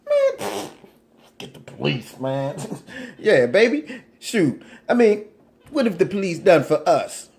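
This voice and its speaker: A man's voice: a little high, sing-song, a little slow, darkish tone. A man vlogging, reading items off a list and reacting with mock outrage, ironic and loose with casual slang. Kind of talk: sarcastic political commentary reading from a list.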